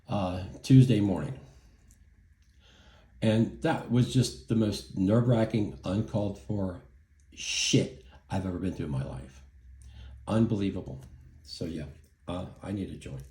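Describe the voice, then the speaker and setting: A man's voice: on the low side, dark tone. A middle-aged man telling a story in a casual vlog, indignant and profane, rambling with lots of fillers. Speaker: vlogger. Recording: echoey room.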